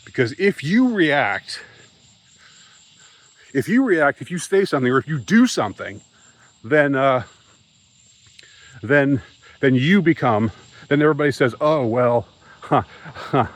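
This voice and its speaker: A man's voice: on the high side, lively intonation, poor audio. A man vlogging an upset, rambling monologue to camera, stumbling and repeating himself as he talks. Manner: agitated, halting, repeats himself.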